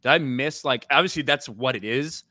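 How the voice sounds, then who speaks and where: A man's voice: medium pitch, fairly quick, bright, forceful tone, no echo. A man on a panel show groping for words and asking questions, swearing casually. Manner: searching for words, profane, questioning.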